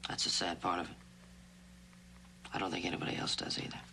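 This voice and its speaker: A wry, deep-voiced cowboy. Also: male voice, monotone, quick pace, gravelly, a little hiss or hum, heavily acted, rough recording. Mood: calm. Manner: dry, easygoing, gently needling. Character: calm, wry captive cowboy hero. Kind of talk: 1960s TV western acting.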